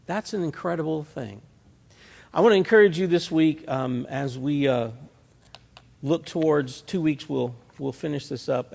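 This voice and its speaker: A man's voice: medium pitch, gravelly, darkish tone. A male pastor, preaching a folksy, conversational sermon built on homely analogies. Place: church sanctuary. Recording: reverberant church hall.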